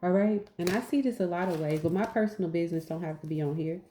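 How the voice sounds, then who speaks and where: A woman's voice: on the low side, fast, mellow, reverberant, faint music behind. A woman giving a casual spiritual message, repeating her points for emphasis and calling herself goofy. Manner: repetitive, emphatic, asks "right?". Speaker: spiritual teacher.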